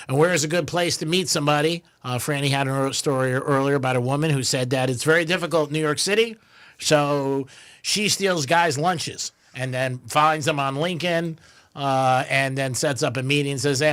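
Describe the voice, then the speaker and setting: A man's voice: fairly high pitch, moderate pace, a bit bright. A man hosting a radio show in loose casual chat, rambling with lots of fillers. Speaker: radio host.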